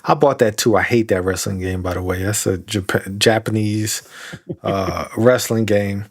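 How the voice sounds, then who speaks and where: A man's voice: on the low side, steady tone, a little slow, gravelly, breathy edge. A young man co-hosting a podcast in casual chat, laughing often and acting out quoted lines. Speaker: podcast co-host.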